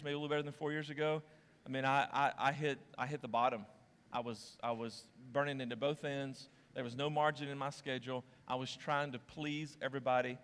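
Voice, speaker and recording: A man with a mid-range, fairly bright voice preaches as pastor in a church auditorium, the large hall lending a long reverb. His sermon with audience games starts out playful and joking with volunteers on stage, then becomes candid and confessional toward the congregation.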